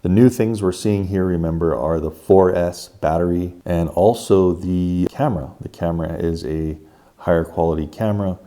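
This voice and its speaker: A man's voice: sits low, fairly even intonation, moderate pace, dark tone. A man casually talking viewers through a gadget review and setup, step by step with enthusiasm. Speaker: tech reviewer.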